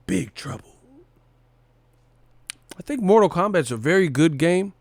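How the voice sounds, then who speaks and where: A man's voice: sits high, no echo, voice pushed up, full character voice. A man voicing a giddy, silly grown man-child in a squealing, singsong voice. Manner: squealing, drawn-out, singsong delivery.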